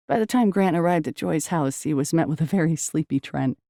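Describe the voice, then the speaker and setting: A woman reading a romance novel aloud in an even, measured storytelling manner. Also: deep voice, no room sound, studio quality. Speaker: audiobook narrator. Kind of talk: scripted narration.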